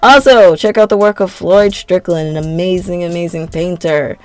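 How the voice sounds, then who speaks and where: A woman's voice: on the low side, normal speed, clear, resonant tone, no room sound, soft background music. A young adult woman, a podcast host and teacher, talking in a chatty, laughing, sentimental way. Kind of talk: casual podcast sign-off.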